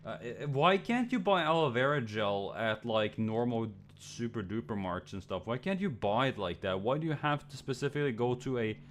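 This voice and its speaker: Frustrated and rambling, this young streamer swears and stammers through restarts, switching to high, loud mimicry whenever he quotes someone. His intonation is lively, his pace moderate with few pauses, and there's a little hiss or hum in the audio.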